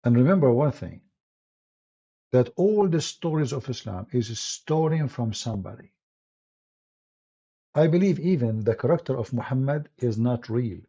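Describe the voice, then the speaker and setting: A man's voice: mid-range voice, expressive, normal speed, warm tone, breathy edge. A man with an Arabic accent hosting a live stream, speaking as an apologist in an emphatic, combative way with broken phrasing and restarts. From Middle East. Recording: dull lo-fi stream audio.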